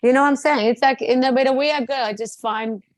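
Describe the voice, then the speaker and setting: A South African woman telling stories with a lively, chatty manner and acting out the people she quotes. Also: sits high, quick pace, no room sound, rough recording. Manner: lively storyteller, quotes people in different voices. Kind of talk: casual chat.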